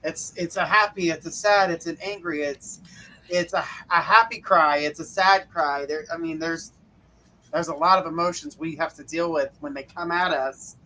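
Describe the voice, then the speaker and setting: High, bright upbeat male co-host. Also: moderate pace, low-quality recording. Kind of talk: casual chat, moderating live questions.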